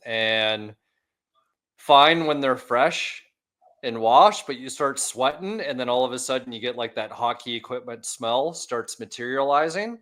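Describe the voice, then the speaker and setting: A man's voice: medium pitch, unhurried, fairly bright tone. A man co-hosting a car podcast, chatting casually in a rambling, laid-back way with swearing. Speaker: podcast co-host, shop owner. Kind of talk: casual chat.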